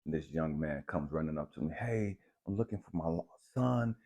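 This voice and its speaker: Relaxed male host with a deep, mellow voice, telling a spiritual story like chatting with a friend. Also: moderate pace. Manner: relaxed, conversational, uses slang like bet and dap. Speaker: channel host.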